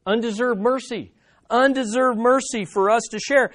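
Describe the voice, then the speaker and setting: A man's voice: very high voice, normal speed, fairly bright tone. A man preaching a sermon, emphatic, repeating phrases and asking the congregation questions. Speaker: pastor.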